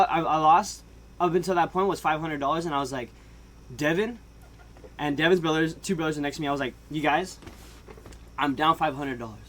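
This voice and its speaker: A man telling a comedic story in a slightly high voice, loose and slangy, with a laugh never far away. He jumps from loud bursts to hushed asides as he goes. His delivery is animated and casual throughout. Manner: laughs often. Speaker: vlogger.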